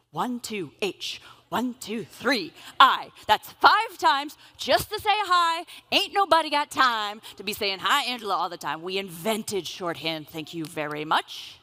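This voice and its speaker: A woman giving a conference keynote, telling stories in an animated, humorous way. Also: mid-range voice. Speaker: keynote speaker. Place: event stage.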